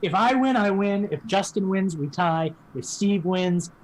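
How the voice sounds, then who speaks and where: A man's voice: sits high, unhurried, very noisy. A man co-hosting a casual gaming podcast who talks playfully and laughs between lines. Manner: playful, animated, laughs while talking. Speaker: podcast co-host. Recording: music playing behind voices. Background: background music.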